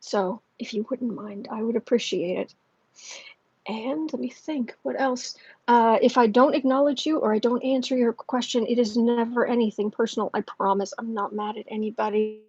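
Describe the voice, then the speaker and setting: A woman hosting a livestream as a tarot reader, chatting casually with many fillers and restarts, speaking softly and gently and sometimes dropping to a near whisper. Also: fairly high pitch, steady tone, normal speed, breathy edge, no echo, lo-fi sound. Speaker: tarot reader and channel host.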